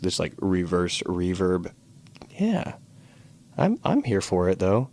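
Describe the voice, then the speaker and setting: A man co-hosting a casual podcast, musing in a relaxed way about old cartoons and swearing now and then. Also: sits low, slow. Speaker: podcast co-host. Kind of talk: casual chat recapping cartoons over drinks.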